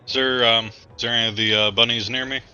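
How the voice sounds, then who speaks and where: A man playing a tabletop game, speaking in a laid-back, deadpan way. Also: mid-range voice, fast, smooth, lo-fi sound, faint music behind. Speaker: player. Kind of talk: tabletop role-play.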